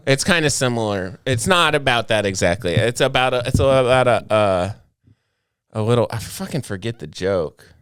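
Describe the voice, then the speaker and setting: A man's voice: medium pitch, expressive, moderate pace, a bit bright, smooth, no room sound, studio quality. A man hosting a casual chat as a comedian, rambling and laid-back, with lots of fillers and swearing. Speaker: comedian podcast host.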